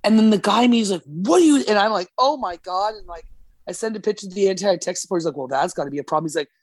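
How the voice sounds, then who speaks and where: A woman's voice: mid-range voice, very fast, no echo. Woman swapping work stories on a podcast, cursing a lot, dry close sound. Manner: swearing, animated storyteller acting out quotes. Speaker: guest telling a work story. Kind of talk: casual chat. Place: podcast studio.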